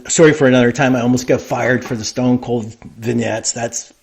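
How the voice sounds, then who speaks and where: A middle-aged man, a guest in an interview, telling long stories in a loose, animated way full of fillers. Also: mid-range voice, fairly quick, gravelly. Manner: rambling, animated anecdote telling with many fillers. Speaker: interview guest, wrestling creative. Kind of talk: casual storytelling interview.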